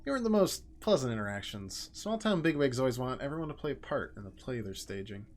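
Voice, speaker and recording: A weary, aloof pawnshop keeper who watches the world from afar, read aloud by a man. His delivery is dry and wry, with a lively, swinging pitch in a middle register. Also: fast talker, lightly acted.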